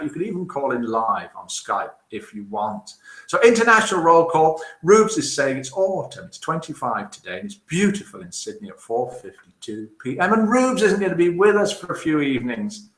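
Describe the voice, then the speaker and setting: A man's voice: a little high, sing-song, moderate pace, a bit bright. A man hosting a casual live broadcast, chatting cheerfully and reading out viewer comments. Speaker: host of a live daily broadcast. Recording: roomy echo.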